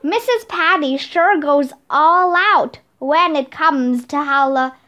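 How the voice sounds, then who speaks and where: A woman's voice: high-pitched, slow pace, sharp tone, heavily acted. A woman voicing a bossy know-it-all schoolgirl, prim and smug, in a storybook read-aloud.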